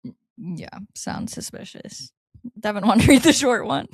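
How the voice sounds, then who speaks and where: A woman co-hosting a casual advice podcast, talking in an animated way with frequent laughs and reading listener letters aloud. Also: fairly high pitch, moderate pace, no room sound, studio quality. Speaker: podcast co-host.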